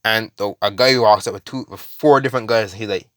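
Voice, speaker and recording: A man's voice: lowish voice, fairly quick, fairly bright tone, no echo, clean studio sound. A man casually retelling a fan story, rambling with lots of fillers, restarts and swearing.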